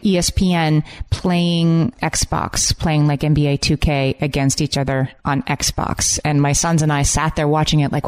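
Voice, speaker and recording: A woman's voice: low voice, level tone, a little slow, few pauses, a little mellow, clean tone. A woman co-hosting a casual podcast chat, reading out listener stories in an upbeat, chatty way. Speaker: podcast co-host.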